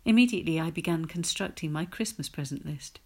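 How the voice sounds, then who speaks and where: A woman narrates an audiobook with a wry, measured delivery. Her voice sits a little low, and she takes her time over each sentence. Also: slightly rough. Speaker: reader.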